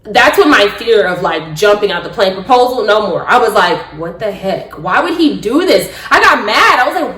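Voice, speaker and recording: A young adult woman vlogger telling a story with her partner, excitable and acting out quotes with squeals and laughter. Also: medium pitch, moderate pace, hardly any pauses, reverberant.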